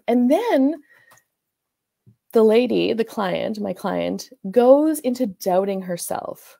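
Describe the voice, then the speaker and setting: Here a woman life coach with a fairly high, animated voice talks at a slow pace, with vocal fry and a warm tone. She meanders through a client's story casually, full of false starts and "like"s.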